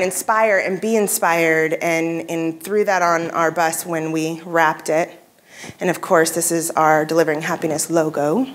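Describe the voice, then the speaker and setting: With slight background noise, a low-leaning female voice delivers a keynote on a convention hall stage. She shares stories in a casual, conversational manner, frequently using fillers and starting over.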